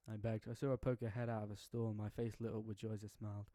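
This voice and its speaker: A man's voice: lowish voice, level tone, fast talker, dark tone, dry recording. A young man reading a fan story aloud, breaking off for casual, jokey, slangy asides. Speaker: story reader.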